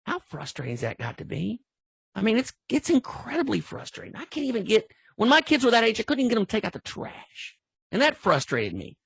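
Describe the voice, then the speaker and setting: A man's voice: on the high side, dry recording. A middle-aged man, a veteran football referee, telling stories in a casual podcast interview and acting out sideline exchanges. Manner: animated storyteller, acts out sideline exchanges.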